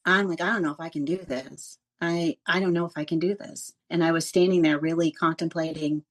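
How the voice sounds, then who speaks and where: Casting: middle-aged woman, lively storyteller with a lower voice. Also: fairly quick. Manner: animated storyteller who laughs often. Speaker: guest, former radio news reporter. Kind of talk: casual interview storytelling.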